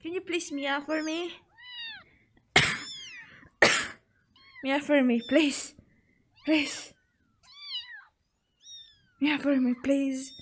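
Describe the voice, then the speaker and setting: A woman's voice: high-pitched, fairly even intonation, drawn-out words, pauses often, a little hiss or hum. A young woman vlogging casually, playfully pleading with her cat and mimicking its meows. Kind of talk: casual vlog talking to her pet cat.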